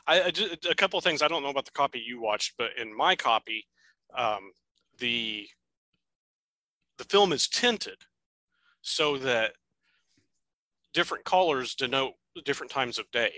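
Bright-voiced man chatting about films. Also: mid-range voice, animated, normal speed, long pauses, no room sound, low-quality recording. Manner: thoughtful, rambling, with fillers and restarts. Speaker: podcast co-host. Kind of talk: casual film discussion.

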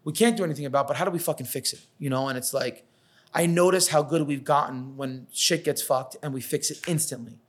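On a casual podcast, a thirty-something caterer from New York relates stories full of profanity, playing out quotes with animation. His voice runs on the high side, fast and husky.

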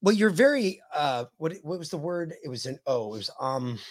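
A man's voice: mid-range voice, moderate pace. An American man co-hosting a podcast, telling stories in casual chat with lots of swearing and acted-out quotes. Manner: profane storyteller, acts out quotes animatedly. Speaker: podcast co-host.

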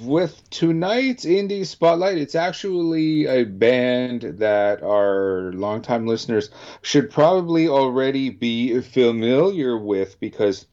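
Man, from Canada, radio host, slow-talking, lowish voice, halting casual chat, dull lo-fi recording. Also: a little mellow. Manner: rambling, halting, many restarts. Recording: dull lo-fi sound.

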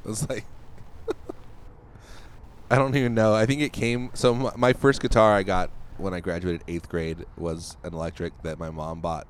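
Deep-voiced man chatting casually. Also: level tone, normal speed, clear, resonant tone. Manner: rambling, full of "like", laughs easily. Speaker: podcast cohost. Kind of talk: casual chat.

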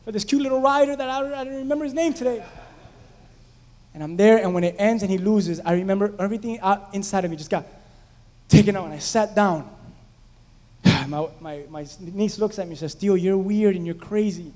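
A man's voice: high-pitched, brisk, pauses often, a little mellow, in a large hall. A man preaching a conversational sermon, telling stories animatedly and putting questions to the congregation in a church sanctuary. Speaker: pastor.

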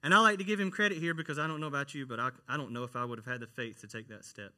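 A man's voice: mid-range voice, rapid-fire, bright, forceful tone. A man, a church worship minister, preaching a conversational sermon and often asking the congregation questions.

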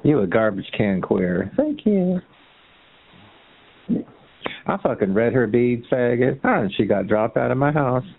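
Guy on a chatline mouthing off, mocking and jeering, pitch jumps all over, tinny phone sound. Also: lively intonation, a little slow, gravelly, long pauses. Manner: taunting, mocking, swinging into a shrill sneer. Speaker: chat line caller. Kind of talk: heated phone argument.

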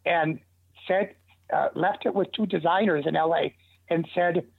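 A man's voice: a little high, measured pace, creaky, husky, no room sound. An older man telling long, rambling stories as an interview guest, with restarts along the way. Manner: rambling, animated anecdotes with restarts. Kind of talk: casual storytelling. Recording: tinny dry phone line.

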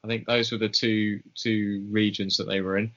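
Male comedy podcast host, bright voice, rambling, slightly dull audio. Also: on the low side, flat delivery, moderate pace. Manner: rambling, with many fillers. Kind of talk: casual chat.

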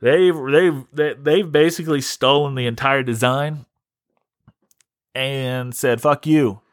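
A man's voice: medium pitch, fairly even intonation, slow, dry recording, studio quality. A man hosting a comedy podcast, ranting in a rambling, profane way with many restarts. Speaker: podcast host. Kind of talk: casual comedic rant.

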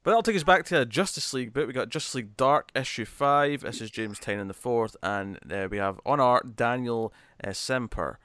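Easygoing male podcast host, smooth clear voice, dry booth sound. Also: mid-range voice, fairly quick, few pauses, fairly bright tone, no room sound. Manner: easygoing, leads the segment, laughs readily. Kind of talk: casual comic book review chat.

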